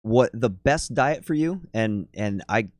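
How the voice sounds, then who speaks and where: A man's voice: lowish voice, animated, measured pace, no echo, clean studio sound. A man who works as a fitness and nutrition coach, talking bluntly in a casual podcast chat and swearing often. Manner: blunt, swears freely, slips into mocking voices.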